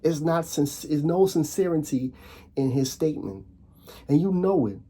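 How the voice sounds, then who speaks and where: A young man hosting his own channel, ranting casually to camera in a fired-up way, stumbling and repeating words, his voice leaping higher on emphatic points. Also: moderate pace, mellow, husky. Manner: frequent restarts and repeated words. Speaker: video host.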